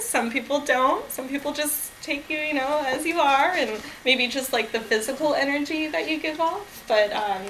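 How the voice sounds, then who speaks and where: A woman's voice: fairly high pitch, background noise. A woman answering a question at a club meeting in a casual, giggly way, full of "um" and "like". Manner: giggly, casual, filler-heavy. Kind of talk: impromptu speech.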